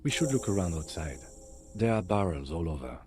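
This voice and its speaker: A calm, very deep-voiced police partner. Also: male voice, noisy background. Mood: practical. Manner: measured, matter-of-fact, precise.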